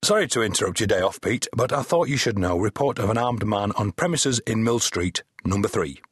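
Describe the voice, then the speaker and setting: A man's voice: lowish voice, lively intonation, fairly quick, breathy edge, dry recording, clean studio sound. A man voicing a pompous, officious male police sergeant with a sarcastic manner, in an audiobook. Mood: prim, sarcastic.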